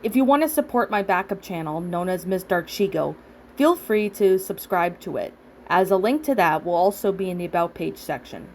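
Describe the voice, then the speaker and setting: A woman's voice: on the low side, animated, normal speed, a little mellow, a little hiss or hum. A woman reading a first-person horror story aloud as a channel host, in a dramatic storytelling manner. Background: background music.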